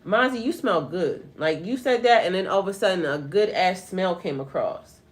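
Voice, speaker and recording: Speaking at a moderate pace in a lowish, lively voice, a middle-aged spiritual life coach gives a relaxed tarot reading to her livestream audience. She talks right to viewers, often laughing through profane anecdotes.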